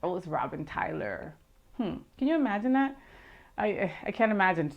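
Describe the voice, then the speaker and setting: A woman's voice: lowish voice, big pitch swings, normal speed, creaky, dull audio. A woman hosting a talk show, bubbly and gushing, slipping in Spanish phrases. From Miami area.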